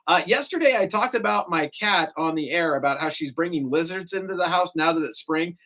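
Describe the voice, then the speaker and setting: A man talks through a morning radio show with a lively, swooping pitch. He chats casually and spins stories full of quick asides, speaking into a studio mic. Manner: chatty, animated storyteller with quick asides.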